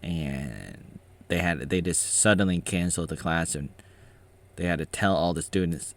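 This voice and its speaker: A man's voice: sits low, normal speed. A man giving casual, rambling reaction commentary on his own old footage, often restarting his sentences.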